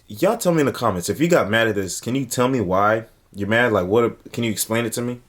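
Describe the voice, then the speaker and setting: A man's voice: on the low side, brisk. Blunt slangy man reacting to a clip. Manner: blunt, animated, heavy slang. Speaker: reaction video host. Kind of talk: casual reaction commentary.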